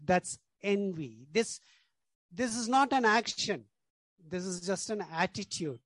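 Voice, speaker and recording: Brief: male pastor, unhurried emphatic sermon delivery, dry close sound, repeats his points. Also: high-pitched, lively intonation, no echo. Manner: emphatic preaching, repeats key words, frequent "you know".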